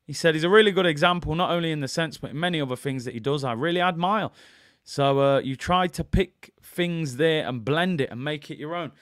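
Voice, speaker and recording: A man hosting a casual football reaction video, reading quotes calmly and breaking into excited, jokey asides. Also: a little high, dry recording, studio quality. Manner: reads quotes in a calm, even tone, then bursts into excited, jokey asides. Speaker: fan channel host.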